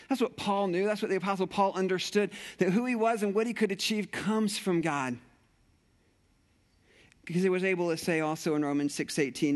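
A male pastor preaching a sermon, telling a personal story with animated energy and acting out the scenes. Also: high voice, brisk.

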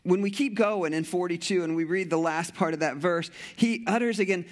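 A man's voice: high-pitched, a little fast, few pauses. A middle-aged male pastor preaching a sermon with passion, repeating phrases and often restarting sentences.

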